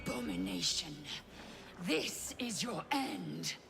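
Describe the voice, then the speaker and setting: A woman's voice: fairly high pitch, wildly swooping pitch, creaky, heavily acted. An actress playing a proud, harsh female alien warrior in a video game, speaking curtly and with command. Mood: hostile. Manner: curt, commanding, slow. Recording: game audio under music.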